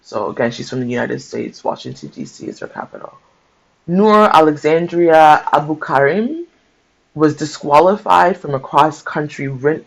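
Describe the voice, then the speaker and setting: A man's voice: medium pitch, vocal fry. A man sharing a book aloud, mixing passages he reads with casual, emotional commentary of his own. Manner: conversational, mixes reading aloud with emotional asides. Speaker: book-share host. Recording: dull lo-fi sound.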